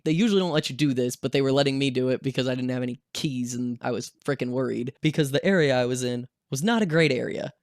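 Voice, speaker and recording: A young man telling a story in a casual, animated vlog style, swearing freely and acting out the voices of the people in it. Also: medium pitch, creaky, no echo, clean studio sound. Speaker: vlogger.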